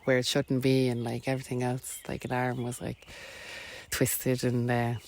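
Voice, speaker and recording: A woman's voice: very deep voice, completely flat delivery, moderate pace, a little mellow, a little hiss or hum. Irish woman rambling through a personal story. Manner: rambling, filler-heavy, laughs between lines. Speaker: podcast guest, wellness coach.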